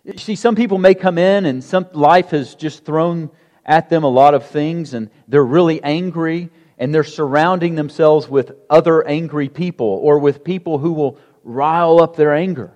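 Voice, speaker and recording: A man's voice: a little high, moderate pace, darkish tone. Man, pastor, conversational sermon, rhetorical questions, church sanctuary, long hall echo.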